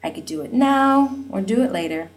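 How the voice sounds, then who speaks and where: A woman reading a novel aloud, voicing a reserved young woman who answers in short, halting, broken English. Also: on the high side, expressive, faint music behind, pitched above the performer's own voice, close to an everyday voice. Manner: halting, formal, short replies.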